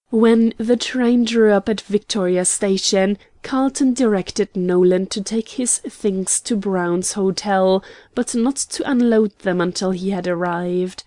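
A woman narrating a classic novel in an audiobook, with measured, even storytelling. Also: mid-range voice, no echo. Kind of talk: scripted narration.

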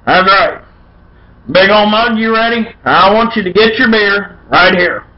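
Brief: high-voiced male beer vlogger, brash and folksy, dull lo-fi recording. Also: unhurried. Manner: loud, folksy and irreverent, with playful chants. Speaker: beer review show host. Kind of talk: casual beer review vlog.

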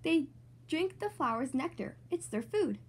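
Gentle old grandpa pig explaining things slowly, read by a woman, storybook. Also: sits high, sing-song. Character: kindly old grandpa pig, patient gardener.

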